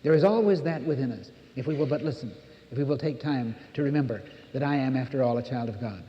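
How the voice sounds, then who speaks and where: A man's voice: mid-range voice, quick pace. Older American man preaching in a reverberant hall. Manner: earnest, rhetorical, repeats words for emphasis. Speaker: minister. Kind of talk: sermon. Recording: dull old cassette recording in a reverberant hall.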